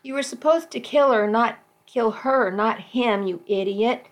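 A woman's voice: a little high, a little slow. A woman reading the part of a cold, scheming woman who speaks sharply and with contempt, in a story read aloud. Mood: scornful.

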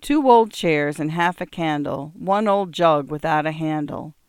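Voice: medium pitch, a little slow, smooth, no room sound, clean studio sound, natural voice. A reader putting on a prim English nanny reciting verse. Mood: sing-song recital. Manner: lilting, sing-song recital.

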